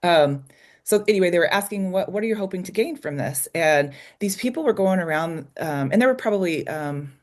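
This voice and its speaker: A woman guest telling a candid, emotional personal story in an interview, with many ums and restarts. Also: lowish voice. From United States. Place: small logging community in Idaho.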